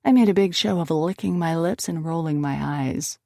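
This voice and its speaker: A woman's voice: low voice, moderate pace, creaky, warm tone, no echo, clean studio sound. A woman narrating a first-person romance audiobook expressively, lifting her voice on emotional lines.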